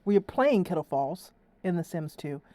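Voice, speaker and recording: A woman's voice: lowish voice, expressive, moderate pace, mellow, no echo. A young woman hosting her gaming livestream, chatting casually and laughing often. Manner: chatty and giggly, with frequent laughs. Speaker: gaming channel host.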